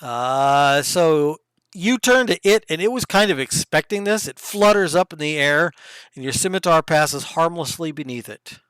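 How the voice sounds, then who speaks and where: A man narrates a tabletop game as its game master, describing each blow and roll in lively detail. His voice sits a little high and comes through smooth and clear. The sound is close and dry, with no room echo. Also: normal speed. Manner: lively descriptive narration with sudden hushed asides.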